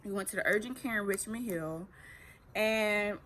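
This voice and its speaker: Teen vlogger, bright voice, chatty story, faint room hum behind. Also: female voice, medium pitch, normal speed. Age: teens. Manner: chatty, animated retelling with acted quotes. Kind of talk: casual storytelling.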